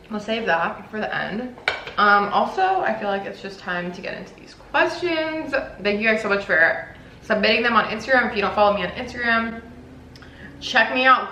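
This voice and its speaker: Eating on camera in a mukbang, a young female YouTuber talks casually and swears occasionally. Her voice is mid-range and sharp, the highs are cut off, and the room echoes with faint noise in the background.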